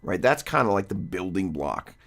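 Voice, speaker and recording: Rambling low-voiced man teaching guitar. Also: sing-song, normal speed, vocal fry, fairly bright tone. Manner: rambling, self-interrupting, chatty. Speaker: guitar teacher hosting a live stream. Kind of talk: casual live-stream guitar lesson.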